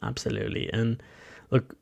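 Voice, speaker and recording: A man co-hosting a sports live stream speaks in a relaxed, conversational way. His pitch stays flat and even. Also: moderate pace, vocal fry. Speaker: podcast co-host.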